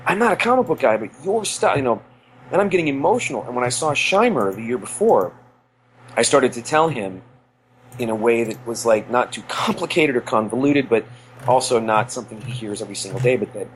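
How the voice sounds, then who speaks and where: A man's voice: medium pitch, slight background noise, low-quality recording. A middle-aged man co-hosting a podcast, telling earnest stories in a rambling way with many restarts. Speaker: podcast co-host. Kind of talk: casual nostalgic chat.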